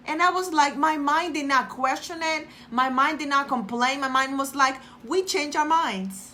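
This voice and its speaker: A woman's voice: sits high, sharp tone, slight background noise. A middle-aged woman talking casually and earnestly to her viewers, repeating phrases for emphasis and often restarting her sentences. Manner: addresses viewers directly, reads out commenters' names. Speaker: motivational vlogger. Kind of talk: casual motivational talk to viewers.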